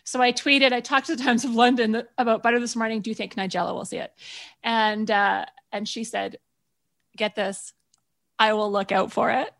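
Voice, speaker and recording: Animated higher-voiced woman chef. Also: moderate pace, vocal fry. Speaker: guest chef. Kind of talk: casual radio chat.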